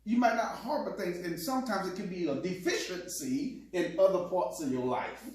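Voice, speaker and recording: A man in casual chat with his partner, telling animated stories and acting out quotes with laughs. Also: high-pitched, moderate pace. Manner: animated, laughing storyteller who acts out quotes. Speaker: co-host. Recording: echoey room, distant mic.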